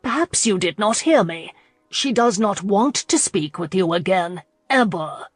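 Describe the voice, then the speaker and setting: A stern, protective gentleman speaks firmly and with emphasis, voiced by a woman narrator. The pitch is middling. The recording is dry and close. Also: normal speed, no echo, faint music behind, lightly acted. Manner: firm, emphatic. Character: stern protective young gentleman with a limp, man.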